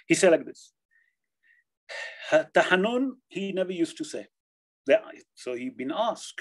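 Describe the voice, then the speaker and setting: A rabbi gives a Torah class in a gravelly voice that sits a bit high for a man. He talks in halting bursts, repeats phrases and restarts his sentences. He keeps checking in with his listeners. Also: low-quality recording. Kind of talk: Torah class on Jewish law.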